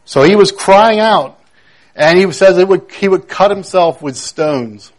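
Emphatic preacher, fairly high voice. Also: male voice, measured pace. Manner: emphatic, repeats key phrases, swings between loud and hushed. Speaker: pastor. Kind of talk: sermon.

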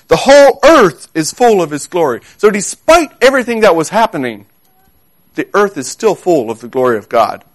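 A man delivers a sermon in a fairly high voice. He speaks earnestly and with emphasis, repeating key words for weight. When he reads scripture aloud, he slows down. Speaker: preacher.

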